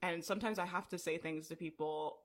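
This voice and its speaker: A woman who hosts a podcast and works as a business coach talks candidly in a casual live video, her speech full of "like" and "right?". Her voice is lowish and steady, moving a little fast.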